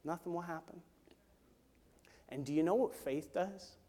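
A man's voice: on the high side, a little slow. Man preaching in a reverberant church. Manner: preaching with sharp swings from hushed to loud. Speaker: pastor. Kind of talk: sermon. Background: worship team instruments.

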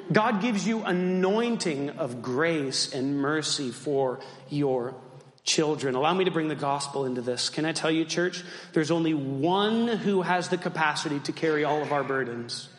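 A man's voice: high-pitched, a bit bright. A man in his thirties preaching a sermon as pastor, with humorous self-deprecating asides, his voice still a little weak. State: voice still weak after losing it. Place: church sanctuary. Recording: echoey church hall.

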